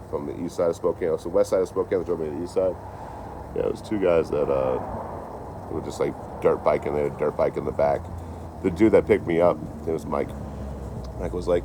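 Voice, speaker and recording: Deep-voiced young man rambling outdoors. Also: background noise. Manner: rambling, profane storytelling. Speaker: train-hopping traveler vlogger. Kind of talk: casual live-stream chat.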